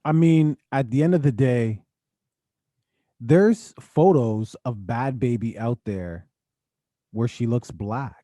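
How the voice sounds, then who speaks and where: A man co-hosting a podcast, calmly explaining his points in casual commentary. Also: medium pitch, no room sound. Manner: explanatory, measured. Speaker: podcast co-host.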